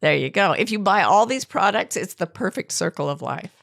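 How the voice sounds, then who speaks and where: A woman's voice: mid-range voice, brisk, gravelly, dry recording, studio quality. A middle-aged woman co-hosting a podcast in casual chat, telling stories with frequent laughter. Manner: laughing, animated storytelling. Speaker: podcast co-host.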